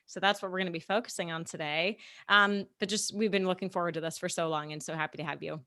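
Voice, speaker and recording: A woman co-hosting a podcast over a remote call, in casual chat, bubbly and animated, often saying "like". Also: fairly low pitch, fast. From Las Vegas. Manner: bubbly, animated storyteller with frequent "like". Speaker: podcast co-host.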